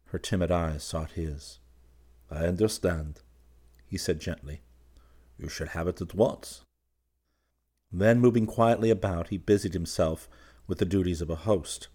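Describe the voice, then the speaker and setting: A man narrating a classic story as an audiobook, in a measured, steady reading. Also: deep voice.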